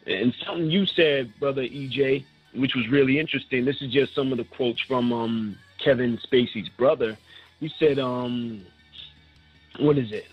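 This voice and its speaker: Man reading headlines, husky, lo-fi. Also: mid-range voice, moderate pace. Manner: animated, reads news headlines aloud. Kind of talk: casual chat, reading headlines aloud. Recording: muffled lo-fi podcast audio, faint music.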